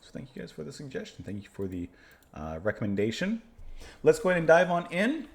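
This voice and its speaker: A man's voice: on the high side, wildly swooping pitch, fairly quick, creaky. A man hosting a music reaction channel, chatting casually and rambling, often laughing at himself. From United States. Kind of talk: casual chat.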